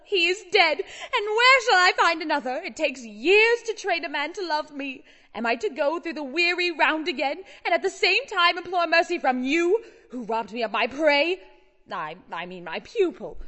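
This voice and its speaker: A woman's voice: sits high, pushed and bright, full character voice. A woman playing a proud, vain, vengeful jilted middle-aged lady in a comic operetta, declaiming grandly. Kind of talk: comic operetta stage acting. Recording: long hall reverb.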